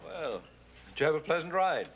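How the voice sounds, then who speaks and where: A clinging, suspicious husband. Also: male voice, fairly high pitch, very animated, normal speed, gravelly, muffled recording, faint music behind. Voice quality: soft, possessive and needling. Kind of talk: 1960s television western acting.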